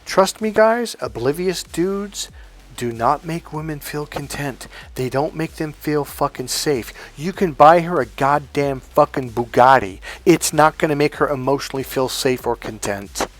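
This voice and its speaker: Profane, fired-up male dating coach. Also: mid-range voice. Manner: profane, emphatic rant. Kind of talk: monologue to camera.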